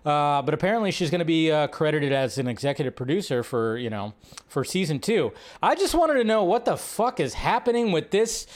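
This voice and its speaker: A man hosting a live stream, chatting casually and rambling with lots of fillers, now and then shouting out quotes. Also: fairly high pitch, lively intonation, brisk.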